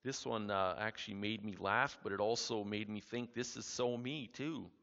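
A man's voice: fairly low pitch, normal speed, a bit bright. A male preacher reads scripture aloud, then steps back to comment on it in a loose, conversational way. His voice carries a long reverb from a large hall, and the recording sounds muffled and lo-fi. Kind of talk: sermon with Bible reading.

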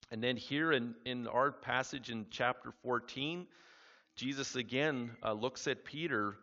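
A man's voice: mid-range voice, measured pace. Guy preaching and reading bible verses, echoey hall, kinda dull muffled audio. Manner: reads scripture aloud, then comments in a relaxed conversational way. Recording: reverberant hall, dull lo-fi sound.

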